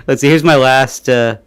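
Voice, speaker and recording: A man's voice: a little high, slight background noise. A man hosting a casual livestream, rambling with many fillers and little chuckles. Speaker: livestream host. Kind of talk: casual chat.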